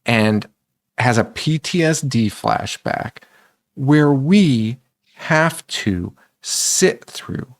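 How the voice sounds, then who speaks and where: A man co-hosting a casual horror movie podcast, animated, laughing often and swearing freely. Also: mid-range voice, very slow. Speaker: podcast co-host.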